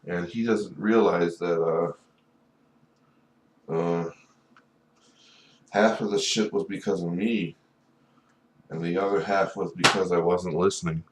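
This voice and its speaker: A man's voice: low voice, fairly bright tone. A man talking in a rambling, profane solo monologue, often filling with "you know". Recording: echoey room, voice far from mic, faint background noise.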